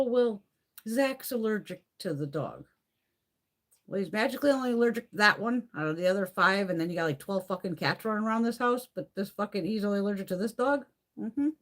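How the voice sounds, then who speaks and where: A woman's voice: lowish voice, fairly bright tone. A woman hosting a beauty live stream from home, chatting casually with blunt, profane storytelling.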